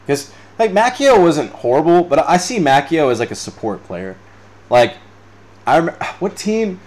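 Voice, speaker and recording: A man's voice: on the high side, big pitch swings, a little slow, a little mellow. A man in his twenties hosting a podcast, chatting casually without a script, rambling and swearing freely while laughing often. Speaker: podcast host. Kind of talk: unscripted casual chat reading live comments.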